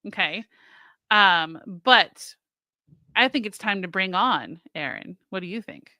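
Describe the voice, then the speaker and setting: A woman's voice: mid-range voice, animated, slow, pushed and bright, no room sound. A woman co-hosting a podcast in casual chat, talkative and self-deprecating, laughing easily. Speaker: podcast co-host.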